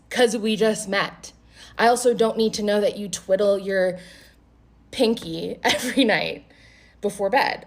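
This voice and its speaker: Animated, foul-mouthed woman telling a story. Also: medium pitch. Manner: animated, profane, quoting both sides of a conversation. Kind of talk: casual storytime to camera.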